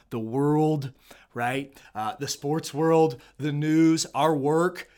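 A middle-aged man giving an earnest motivational talk to fathers, repeating his key points and often checking in with "right?". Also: medium pitch. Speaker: speaker on fatherhood.

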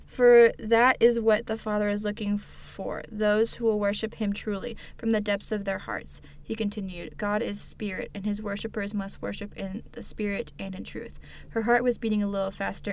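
A woman reads a devotional book aloud for her podcast, stumbling now and then and laughing at her slips. Her voice sits in a mid pitch, with a faint hiss of noise in the background. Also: little pitch movement, moderate pace, gravelly, few pauses. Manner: stumbles over words, laughs at own slips. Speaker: podcast co-host.

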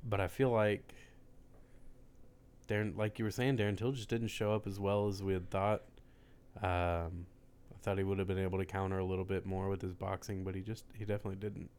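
A man co-hosting a casual sports podcast, measured and making joking asides. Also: low-pitched, little pitch movement, darkish tone, a little hiss or hum. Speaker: podcast co-host.

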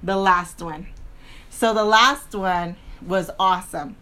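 A woman co-hosting a casual chat, telling a story in an animated way with frequent laughter. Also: lowish voice, takes it slowly. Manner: animated, laughing, acts out sounds. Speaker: podcast co-host.

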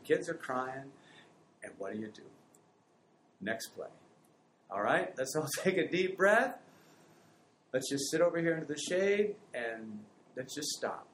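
A man giving parenting advice in a conversation, telling stories with lively acted-out family voices. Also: mid-range voice, a little hiss or hum, poor audio. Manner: animated storytelling, acts out family voices.

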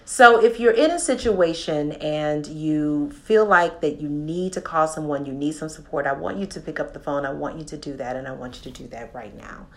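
A woman podcast host guiding a slow, soothing meditation with affirmations, then giving the show's closing. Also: low voice. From Texas. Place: studio with a live audience.

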